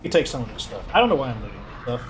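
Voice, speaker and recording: A man hosting a let's play, commenting in an excitable, rambling way and filling his talk with "like". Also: medium pitch, very fast, a crowd in the background. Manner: excitable, rambling, heavy use of "like". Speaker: gaming channel host.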